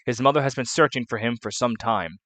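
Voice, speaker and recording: Man reads a kindly knight mentor; measured and earnest, dry close mic. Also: medium pitch, fairly bright tone, dry recording, lightly acted. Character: calm, kindly noble male knight mentor.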